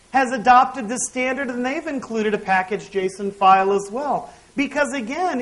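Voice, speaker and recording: A man's voice: extremely high pitch, rough recording. A man giving a technical conference talk from the stage, explaining tools step by step with wry asides. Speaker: conference speaker.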